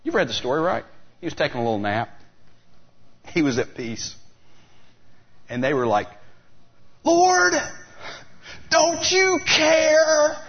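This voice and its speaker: Man preaching with animated storytelling. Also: medium pitch, normal speed, long pauses. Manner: animated storytelling, acts out voices of the disciples. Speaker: pastor. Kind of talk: sermon. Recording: slightly dull, lo-fi recording.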